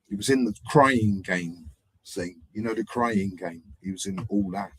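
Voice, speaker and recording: A man hosting a live stream, telling rambling, animated anecdotes in casual street slang. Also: on the low side, a little slow, slight background noise. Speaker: livestream host. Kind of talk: casual livestream storytelling.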